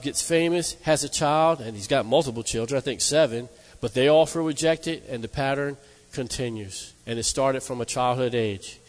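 A man preaching a sermon in a slightly raised voice, pressing his points hard and checking in with the congregation. His voice carries a long reverb, as in a large hall. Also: on the high side. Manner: emphatic, asks the congregation "amen?".

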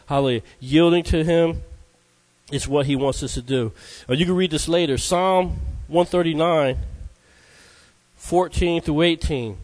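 A man with a slightly high, somewhat mellow voice preaches at a measured pace. His sermon is conversational, punctuated by frequent calls of "Amen?" to the congregation.

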